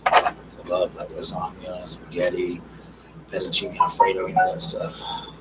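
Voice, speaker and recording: A chatty man hosts a casual live stream from home and reads out viewer comments in a fairly low voice. He talks in an affectionate way, calling people girl and darling. He sits a good distance from the mic, with clear background noise. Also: completely flat delivery, a little slow. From South Carolina.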